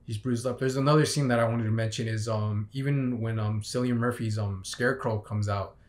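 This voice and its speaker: A man's voice: on the low side, steady tone, brisk. A young man giving a casual, unscripted movie review, rambling with many fillers and restarts. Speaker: film reviewer.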